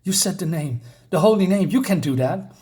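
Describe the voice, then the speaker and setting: Man putting on a young Southern vampire woman, hushed menacing drawl, comic read-along. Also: high voice, animated, fairly quick, pitched above the performer's own voice. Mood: fearful. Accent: put-on Southern.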